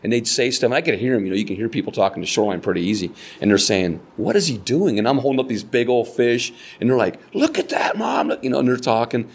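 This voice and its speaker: A man's voice: mid-range voice, very fast, few pauses. An older American man, a kayak fishing guide, telling stories in a casual interview and acting out the voices of people he quotes. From United States. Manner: animated storyteller, acts out quoted voices.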